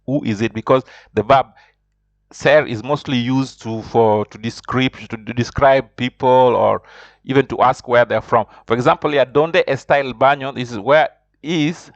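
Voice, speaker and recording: Man drilling Spanish phrases slowly. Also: medium pitch, no echo, dull audio. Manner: slow, repetitive drilling of phrases; frequent restarts and fillers. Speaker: Spanish teacher. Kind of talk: spoken language lesson.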